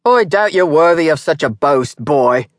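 A narrator voicing a cocky young Highland fighter who trades threats slowly and calmly. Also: male voice, dry recording, studio quality.

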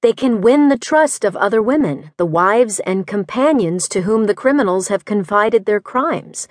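A woman voicing a determined young widow who applies for detective work, speaking in a crisp, resolute, formal way in an audiobook. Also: mid-range voice, animated, normal speed, no echo, clean studio sound, close to an everyday voice.

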